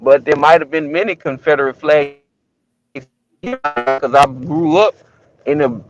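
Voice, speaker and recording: A man's voice: fairly high pitch, unhurried, highs cut off, soft background music. A man from Alabama, calling in to a talk show and making his point with emphatic, preachy rhetorical questions. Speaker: caller. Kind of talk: call-in show chat.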